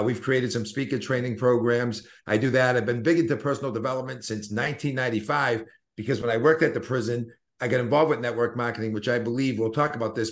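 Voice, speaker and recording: This is a man in his fifties with a Boston accent, speaking at a middle pitch. He talks earnestly and motivationally as an interview guest. His storytelling rambles and circles back with many restarts. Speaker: network marketing guest.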